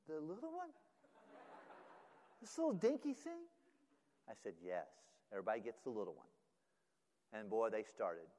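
Man preaching an animated sermon in a reverberant hall. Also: mid-range voice, a little hiss or hum. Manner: animated, acts out voices, many fillers and restarts. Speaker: pastor. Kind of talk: sermon storytelling.

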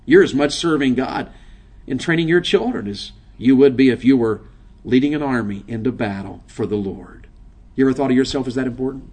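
A middle-aged man preaching a sermon to a men's session. He moves from quiet, probing questions to loud, emphatic, driving delivery. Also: medium pitch, breathy edge.

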